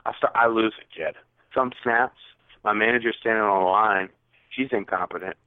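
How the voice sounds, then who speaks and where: A man's voice: on the low side, normal speed, dry recording. A young man rattles off a story, his voice jumping up whenever he acts out what people said. The sound is thin and phone-like, and very dry with no room around it. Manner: animated, acts out quotes with rising voice. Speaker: podcast co-host. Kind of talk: casual storytelling. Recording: tinny phone-like audio.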